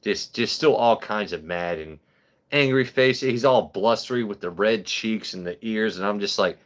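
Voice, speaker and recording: A man's voice: on the low side, normal speed. A man hosting a live stream, telling a story casually with lots of swearing and rambling restarts. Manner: rambling, profane, animated. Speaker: host.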